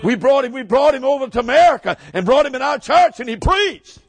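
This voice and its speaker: A man preaching a shouting revival sermon, hollering high, then dropping low. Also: expressive, brisk, vocal fry, slightly rough. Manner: hollers with rising pitch, then drops low. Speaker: pastor.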